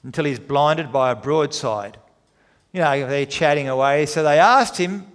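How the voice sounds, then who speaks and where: Male preacher, dramatic emphatic delivery, slightly high voice, big reverberant hall. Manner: dramatic retelling with emphatic pauses. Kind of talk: sermon.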